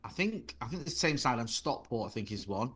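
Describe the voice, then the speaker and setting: A Mancunian man in his forties, a guest and former reporter, telling rambling, animated stories in casual chat. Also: mid-range voice, a little fast, slightly rough. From Greater Manchester.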